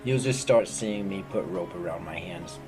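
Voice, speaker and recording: A man playing a tabletop game, describing his character's actions in a halting way. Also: deep voice, over music. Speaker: player.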